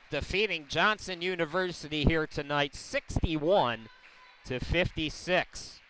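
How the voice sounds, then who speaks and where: A man calling a college women's basketball game play by play, explaining the situation in a measured way between plays. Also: on the high side, bright, forceful tone, a little hiss or hum. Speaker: play-by-play announcer. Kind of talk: sports commentary. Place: college gym broadcast.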